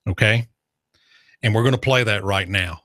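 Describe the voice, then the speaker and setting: A man's voice: on the low side, normal speed, a bit bright, no echo, clean studio sound. A man hosting talk radio, rambling through the news with sarcastic jokes. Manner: sarcastic, rambling, joking asides. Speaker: radio talk show host.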